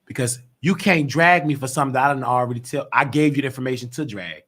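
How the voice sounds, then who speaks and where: A fast-talking man with a medium-pitched voice hosts his YouTube talk show as a call-in live stream. He spins stories in slang with lots of animation, voicing the other people in them.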